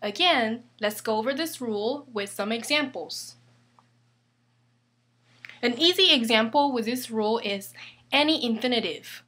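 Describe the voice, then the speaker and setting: A woman with a somewhat high voice hosts an online language lesson. She is patient and steady, repeating examples and spelling out each rule step by step. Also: a little slow, long pauses. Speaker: Spanish teacher.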